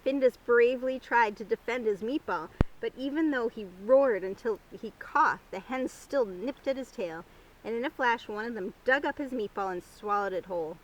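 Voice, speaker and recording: Youth librarian reading a picture book to kids, high-pitched, outdoors with faint noise. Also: female voice, normal speed, lo-fi sound. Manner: expressive storytime reading. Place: outdoor garden.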